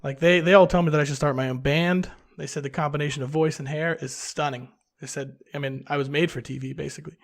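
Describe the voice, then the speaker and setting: A man's voice: on the high side, steady tone, quick pace, few pauses. A man co-hosting a casual comedy podcast, teasing the others with playful questions. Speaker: podcast co-host.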